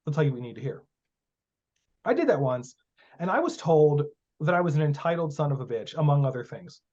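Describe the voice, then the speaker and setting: A man speaking a little high for his sex, talking bluntly and swearing freely as he tells stories with heavy emphasis. His voice comes through muffled and lo-fi, as on a casual podcast interview. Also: very animated, fairly quick, a little mellow. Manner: blunt, profane, emphatic storytelling. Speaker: guest, magic teacher. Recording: muffled lo-fi audio.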